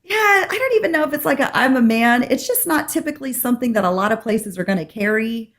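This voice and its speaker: A woman co-hosting a podcast, telling a story in animated casual chat and acting out the dialogue. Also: on the high side, fast. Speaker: podcast co-host.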